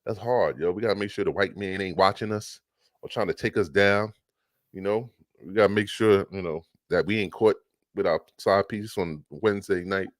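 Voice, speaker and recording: A man's voice: deep voice, moderate pace, no room sound, studio quality. A man co-hosting a podcast in casual chat, brash and profane, joking and arguing. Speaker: podcast co-host.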